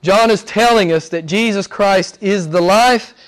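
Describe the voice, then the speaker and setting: A middle-aged man preaching a sermon, his voice sitting notably high for a man. He drives his points home with emphatic lists and slows down to read scripture aloud. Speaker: pastor.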